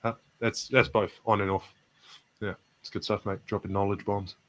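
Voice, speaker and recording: A man with a New Zealand accent, a basketball player giving relaxed, self-deprecating interview answers and calling everyone mate. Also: on the low side, normal speed, slight background noise, low-quality recording. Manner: laid-back, self-deprecating, says "mate" constantly.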